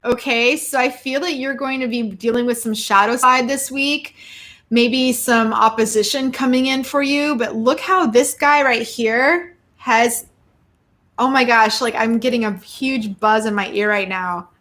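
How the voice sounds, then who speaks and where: A woman's voice: fairly high pitch, steady tone, measured pace, fairly bright tone. Bubbly woman giving tarot readings. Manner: bubbly, exclaiming, chatty with viewers. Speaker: astrology and tarot show host. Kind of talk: live-streamed tarot reading.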